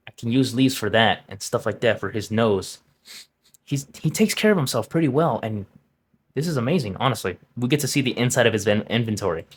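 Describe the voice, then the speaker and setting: Man talking through a manga chapter in a loose, chatty recap, mid-pitched, a faint hum of room noise behind him. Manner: loose storytelling, often clears throat. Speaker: manga reviewer. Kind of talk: casual recap commentary.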